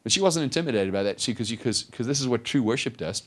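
A middle-aged pastor, male, preaches with a medium-pitched voice at a quick pace. He brings the story's Bible figures to life by animatedly doing their voices.

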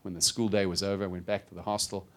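A man preaching a sermon, telling his own story with lively storytelling and acted-out voices. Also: low voice, fast talker. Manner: animated storytelling, acts out voices. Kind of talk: sermon testimony.

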